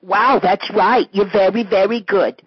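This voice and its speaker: A jittery, babbling male radio caller, put on by a man, pitched well above his own voice and drawling his words slowly. The voice is husky and sits dry and close on a dull lo-fi recording. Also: steady tone, dry recording. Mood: flustered. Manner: nervous, babbling.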